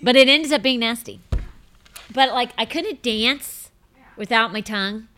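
A middle-aged woman hosting a show, telling rambling, self-mocking stories in a bubbly, casual chat and breaking into high laughing fits. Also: measured pace, pushed and bright. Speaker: host.

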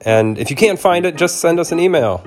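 A man with a cold, hosting a podcast from a home studio and reading a storybook chapter aloud in a relaxed way. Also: on the high side, fairly quick, music in the background. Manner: relaxed, with fillers and soft laughs. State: has a cold. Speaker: podcast host and narrator. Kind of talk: casual appeal and storybook narration.

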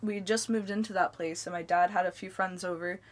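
A woman's voice: on the low side, steady tone, a little fast. A young woman co-hosting a podcast, telling stories in a loose, rambling way full of "like.". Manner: rambling storyteller, heavy on filler "like". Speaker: podcast co-host. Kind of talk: casual podcast chat.

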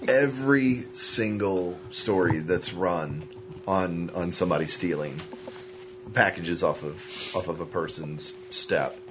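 A man co-hosting a podcast, telling stories in a joking, animated casual chat. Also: low-pitched, slow, background noise. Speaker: podcast co-host.

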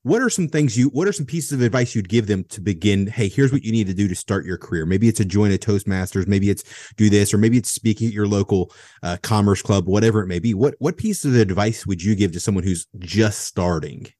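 A man's voice: on the low side, brisk, mellow, no echo. A man hosting an interview podcast, upbeat and playful in banter, asking long, rambling questions. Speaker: podcast host. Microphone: podcast studio microphone.

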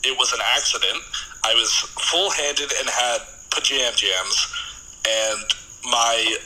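A man's voice: medium pitch, takes it slowly, sharp tone, slight background noise, poor audio. A man chatting as a podcast guest and telling a rambling, jokey story. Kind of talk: casual chat.

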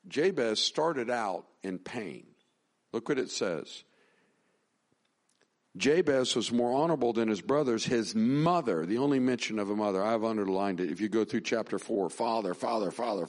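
Folksy middle-aged pastor preaching. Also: male voice, lowish voice, animated, moderate pace. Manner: conversational, folksy, with restarts and rising emphasis. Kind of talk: sermon.

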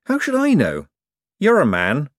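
A man reading an audiobook, voicing a brisk, outspoken young woman with a quick, wry delivery. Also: sits low, wildly swooping pitch, dry recording, clean studio sound, voice pushed up, heavily acted.

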